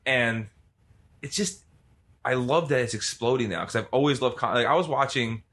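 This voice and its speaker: A man's voice: mid-range voice, normal speed, a bit bright. A middle-aged man co-hosting a podcast in loose, profane, enthusiastic casual chat. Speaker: podcast co-host.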